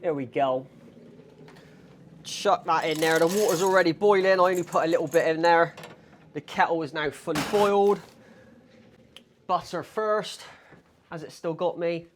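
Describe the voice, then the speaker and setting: A man's voice: fairly high pitch, normal speed, long pauses, slight background noise. A man with a strong Bristolian accent, chatting casually and swearing as he cooks in his kitchen for a vlog, calling viewers mate. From England. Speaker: vlogger. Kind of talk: casual vlog chat while cooking. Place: home kitchen in a flat. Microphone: small wireless clip mic.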